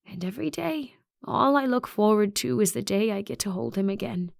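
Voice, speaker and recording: A woman voicing a soft-spoken grieving grandmother principal. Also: medium pitch, expressive, vocal fry, dry recording, clean studio sound. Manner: soft, measured, quietly sorrowful.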